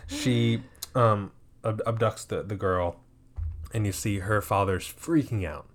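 A man's voice: lowish voice, a little slow. A man co-hosting a podcast in casual chat, joking around and swearing easily. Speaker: podcast co-host.

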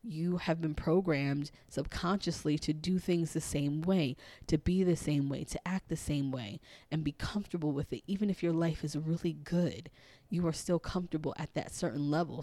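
A woman with a raspy, hoarse voice, hosting a reflective solo podcast as a spiritual coach, earnest and encouraging, thinking aloud with frequent ums and restarts. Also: deep voice, dark tone, dry recording. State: hoarse, partly lost voice.

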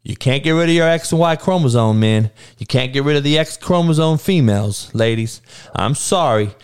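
Heated, swearing man with a lively voice. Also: normal speed, clean tone. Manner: heated, swearing, stuttering restarts, swinging from low mutters to loud outbursts; slangy street talk. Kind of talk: casual profane rant to camera.

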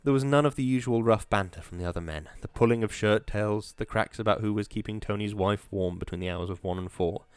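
A man reading an audiobook in a measured, atmospheric storytelling manner. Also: on the low side, clear, resonant tone, no echo. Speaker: narrator. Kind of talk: audiobook narration.

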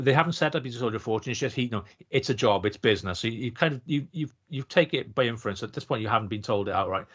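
A man co-hosting a podcast, ranting fast and swearing about a film. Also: mid-range voice, a bit bright. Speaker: podcast co-host. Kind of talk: casual film review chat. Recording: dull lo-fi audio.

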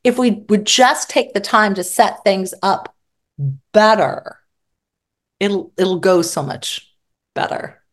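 A woman therapist speaking as an interview guest, expressive and acting out her examples vividly. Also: medium pitch, slow pace. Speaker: psychotherapist guest. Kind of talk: interview conversation.

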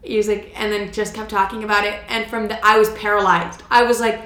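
A woman's voice: medium pitch, flat delivery, brisk, a bit bright, roomy sound. A woman in her twenties telling a dating story casually, chatty and profane, acting out the dialogue as she goes. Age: 20s.

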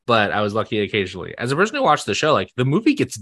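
A young man chatting casually as a podcast guest, animated and laughing often with quick asides. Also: on the low side.

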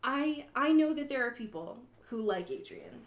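A woman co-hosting a casual podcast, talking about a book in a profane, animated way and acting out the characters' lines. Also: high-pitched, moderate pace. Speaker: podcast co-host. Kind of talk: casual book discussion chat.

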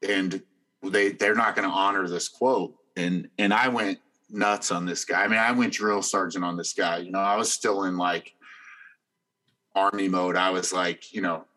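Forceful bright-voiced middle-aged man. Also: deep voice, normal speed. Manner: animated, emphatic storyteller. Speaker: insurance agent. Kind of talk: casual storytelling chat.

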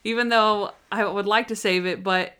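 A chatty woman co-hosting a podcast, laughing easily as she recaps a TV episode. She jumps into the characters' lines to retell scenes. Her voice sits at a mid pitch and the delivery stays loose and conversational. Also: fairly even intonation, moderate pace, pushed and bright, smooth. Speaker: podcast co-host. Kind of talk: casual chat recapping a TV episode.

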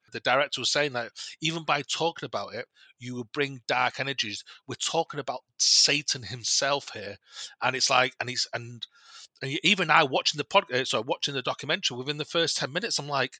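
A man's voice: medium pitch, brisk, no room sound. A man, a podcast guest, telling a personal story in a rambling way with many restarts and quoted dialogue. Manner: animated retelling with quoted dialogue. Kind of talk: casual storytelling.

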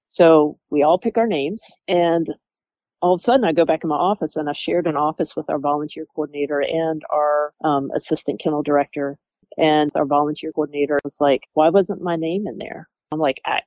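Animated interviewee recounting workplace conflict, slightly dull and dry recording. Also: mid-range voice, dry recording. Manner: animated, acts out quoted coworkers. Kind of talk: candid storytelling interview.

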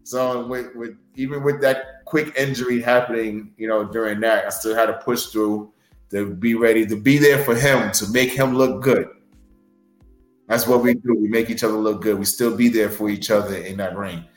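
Earnest low-voiced wrestler, echoey room. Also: male voice, fairly even intonation, normal speed, soft background music. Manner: earnest, rambling with many fillers. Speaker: pro wrestler guest. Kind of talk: podcast interview storytelling.

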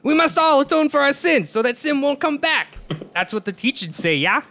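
Man putting on Wakka, high preachy zealot. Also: big pitch swings, moderate pace, creaky, sharp tone, full character voice. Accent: mock Jamaican. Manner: preachy, drawling, tacks on "brother". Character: zealous, well-meaning, dim young male islander. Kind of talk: comedic podcast impression.

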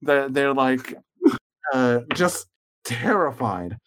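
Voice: medium pitch, animated, takes it slowly, fairly bright tone. A game master casually narrating a tabletop game, hesitant and prone to fillers.

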